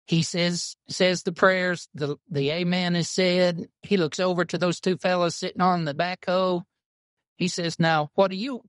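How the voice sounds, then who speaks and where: Man, pastor, folksy storyteller, somewhat high voice, dry close mic. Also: fairly bright tone, no room sound. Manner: folksy storyteller, drawling, informal grammar. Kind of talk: casual podcast chat about church.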